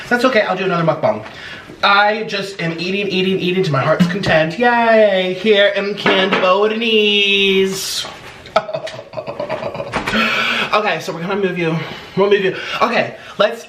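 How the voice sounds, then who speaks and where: A young man hosts a mukbang eating vlog from a room at home, his bright, forceful voice on the high side and far from the mic. He chats casually in a hyper, bubbly way with sing-song exclamations. The room is echoey, the mic set back, and there's a faint hiss.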